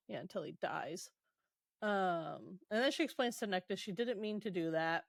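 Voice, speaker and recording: A woman's voice: medium pitch, dry recording. Chatty woman recapping a book, dry sound. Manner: retells scenes loosely with quick quoted asides, many ums, laughs. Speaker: podcast co-host.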